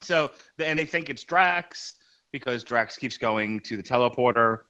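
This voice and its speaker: A man's voice: medium pitch, moderate pace, highs cut off. A man co-hosting a comics podcast, talking casually in a rambling way with many restarts. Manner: rambling, restarts often, animated. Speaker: podcast co-host.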